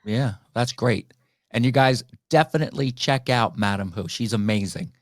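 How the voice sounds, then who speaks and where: A man's voice: medium pitch, normal speed, dry recording, clean studio sound. An English man hosting a casual interview, effusive and gushing with praise for his guest. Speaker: podcast host.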